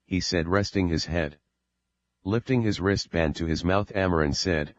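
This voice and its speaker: A man reading an audiobook as narrator, in a steady, measured way. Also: sits low, no echo, dull audio. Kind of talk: scripted narration.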